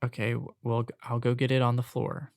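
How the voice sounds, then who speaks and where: A young man hosting his own podcast, ranting casually about retail work and college. He swings between loud outbursts and hushed asides. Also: mid-range voice, flat delivery, a little fast, gravelly, no room sound, studio quality. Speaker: podcast host.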